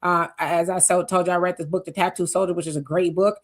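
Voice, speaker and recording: A woman's voice: fairly low pitch, steady tone, fast. A woman in her fifties hosting a live stream, chatting casually and reading viewer comments aloud. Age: 50s. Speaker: host.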